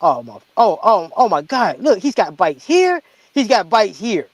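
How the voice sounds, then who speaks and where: A man co-hosting a podcast in casual chat, animated and repeating words as he gets going. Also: high voice, measured pace, no echo. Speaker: podcast co-host.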